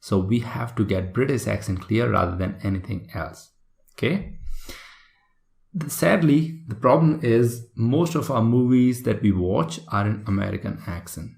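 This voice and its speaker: A man's voice: fairly low pitch, measured pace, vocal fry, a little mellow. A man teaching an exam-prep lesson in a chatty way, often checking in with "right?" and "okay?". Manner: chatty, frequent tag questions like "right?" and "okay?". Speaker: IELTS instructor. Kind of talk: recorded online lesson. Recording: echoey room.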